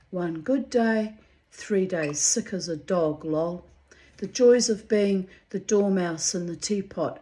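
A woman, reading her old diary entries aloud to her viewers and breaking off into candid, chatty asides, clearing her throat now and then. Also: fairly low pitch, darkish tone. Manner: candid, muses aloud, swears freely, frequent throat-clearing.

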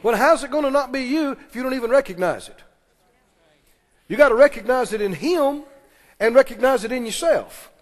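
A man preaching. His voice sits high for a man. The long reverb of a large church hall carries every phrase as he calls for answers from the pews. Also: animated. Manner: preaching with call-and-response, quick asides and laughs. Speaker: pastor. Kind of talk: sermon. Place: church sanctuary.

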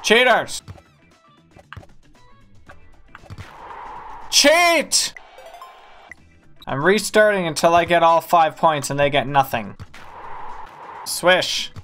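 Animated male gamer, playful mock outrage. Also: on the high side, brisk, hardly any pauses, soft background music. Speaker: gaming channel host. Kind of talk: let's-play commentary.

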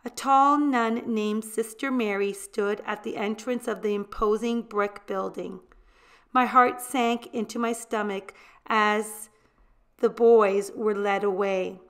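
A woman reading a picture book aloud, gentle storytelling that gives voice to the characters. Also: medium pitch, steady tone, slow pace, clean tone. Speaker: storybook reader.

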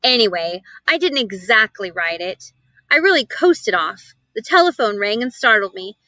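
A cheeky little boy mouse from a storybook, quick and a bit rude, as a woman puts him on. His voice sits high and bright. It's recorded dry and close. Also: sing-song, no room sound, exaggerated voice. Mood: cocky. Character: small brave male mouse, cheeky.

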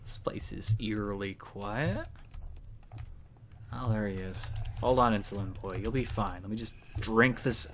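A man's voice: lowish voice, unhurried, a bit bright, slight background noise. A man casually commenting on gameplay with irreverent jokes and swearing, as the host of a let's play series. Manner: joking, irreverent, often swears.

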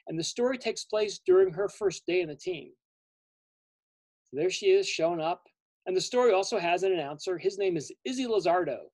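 At a library event, a man who writes children's books tells his story to families in a high, lively voice, explaining terms simply. There's no echo.

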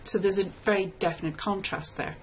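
A woman lecturer giving a scripted tutorial, explaining step by step in a measured way and reading lines of verse slowly. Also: mid-range voice, fairly even intonation, a little hiss or hum, rough recording. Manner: measured, explanatory, reads poem aloud slowly. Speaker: literature lecturer.

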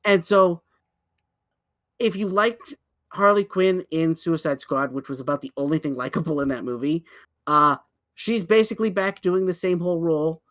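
On the high side and at a normal pace, a man's voice carries his eager retelling of a show as he co-hosts a casual podcast. He keeps stumbling, racing ahead and backtracking mid-sentence, an animated storyteller who restarts many times.

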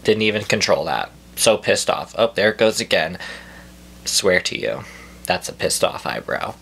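Deadpan young man ranting, bright tone. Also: low voice, unhurried, vocal fry, long pauses, slight background noise. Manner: deadpan mock-outrage, profane, exaggerated. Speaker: comedy vlogger. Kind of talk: comedic rant to camera. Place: at home indoors.

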